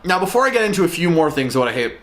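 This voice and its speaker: A man hosts his own review vlog, ranting with exasperated profanity. His voice sits a little high and swings widely in pitch as he complains. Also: big pitch swings, racing, music in the background. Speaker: show reviewer.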